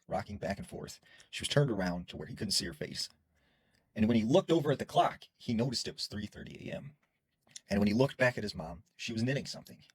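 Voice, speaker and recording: A man's voice: on the low side, husky, no room sound, low-quality recording. A man casually telling a spooky story in a chatty way, dropping filler words as he goes. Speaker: horror storyteller.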